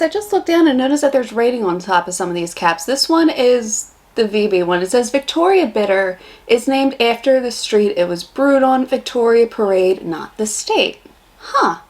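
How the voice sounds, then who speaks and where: A young American woman vlogging a casual beer taste test, chatty and blunt in her reactions. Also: a little high. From United States.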